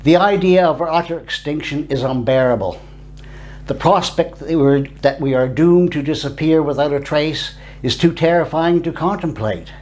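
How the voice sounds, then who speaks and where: A man's voice: on the high side, normal speed, darkish tone, a little hiss or hum. Man narrating a darkly wry essay. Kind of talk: scripted narration of a reflective essay.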